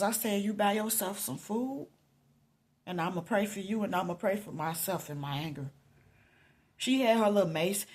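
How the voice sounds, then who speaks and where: Black woman telling a faith story, mid voice, goes soft then loud as she acts out both sides. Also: mid-range voice. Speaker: Christian vlogger sharing a testimony. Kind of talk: personal storytelling monologue.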